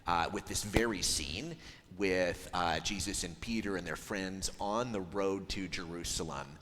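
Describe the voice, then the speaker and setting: A man preaching a sermon as a pastor, in a conversational, thoughtful way with frequent ums and pauses. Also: low-pitched, a bit bright, in a large hall, a little hiss or hum. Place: church.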